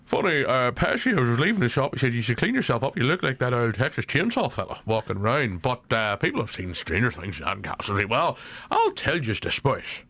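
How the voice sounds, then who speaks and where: Man doing old butcher character, Northern Irish accent, profane and rambling, high swooping voice, dry close sound. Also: big pitch swings, fairly quick, a bit bright, dry recording. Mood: storytelling. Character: foul-mouthed elderly male butcher shop owner. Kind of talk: improvised comedy sketch.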